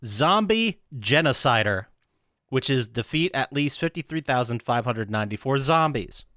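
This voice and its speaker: A man's voice: medium pitch, lively intonation, moderate pace, pushed and bright, no room sound. Dry, wry man chatting on a podcast. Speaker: podcast co-host. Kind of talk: casual chat.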